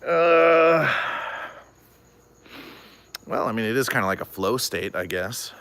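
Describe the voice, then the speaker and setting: A young man with a very low voice talks loosely on his stream, full of "like" and "um". He wanders through a story and stops to answer chat messages. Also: brisk, pushed and bright. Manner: rambling, many fillers, reads and answers chat. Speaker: comedian streamer. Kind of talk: casual livestream chat.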